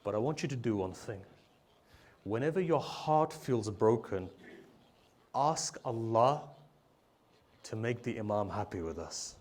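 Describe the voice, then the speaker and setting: A man with a fairly low voice delivers a sermon as emotional storytelling. He swells loud for emphasis, then sinks to soft, slow lines. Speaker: preacher. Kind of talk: majlis sermon.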